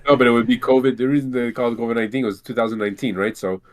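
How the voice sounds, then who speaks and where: A man's voice: mid-range voice, fairly even intonation, racing. A man from Montreal co-hosting a casual chat, rambling with many restarts and fillers. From Montreal, Canada. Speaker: co-host.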